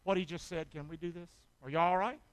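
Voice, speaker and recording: A man preaching a sermon as pastor, calling for amens and swinging from loud shouts to hushed asides. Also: sits high, fairly even intonation, fast, smooth.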